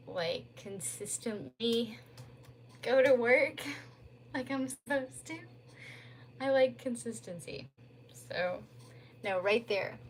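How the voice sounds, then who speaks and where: Young woman rambling on a phone livestream, slow and easygoing, lots of likes, faint hiss behind. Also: medium pitch. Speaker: streamer. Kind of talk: casual livestream chat.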